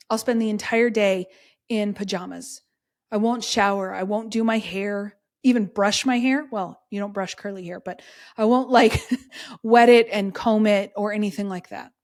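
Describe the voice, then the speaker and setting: A young woman with a fairly high voice hosts a solo podcast in a candid, chatty way. She coaches her listeners directly and keeps checking in with them as she goes. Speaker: podcast host. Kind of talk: casual solo podcast talk.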